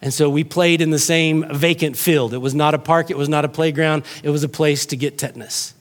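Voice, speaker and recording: A man's voice: on the high side, steady tone, brisk. A man from the North Texas Panhandle, preaching a sermon in a jokey, conversational way. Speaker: pastor.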